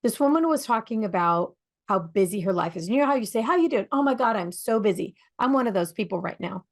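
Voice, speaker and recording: A woman co-hosting a radio talk show, talking in a lively storytelling way and asking her listeners rhetorical questions. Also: mid-range voice, quick pace. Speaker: podcast co-host.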